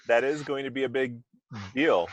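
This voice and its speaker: A man's voice: mid-range voice, moderate pace, dry recording, dull audio. A man hosting a podcast in casual chat, talking loosely with asides and restarts over a remote call microphone. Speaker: podcast host.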